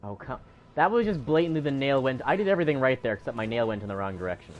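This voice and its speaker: A man's voice: mid-range voice, lively intonation, rapid-fire, dull audio, a little hiss or hum. A male streamer giving live gameplay commentary, rambling and self-critical about his own mistakes.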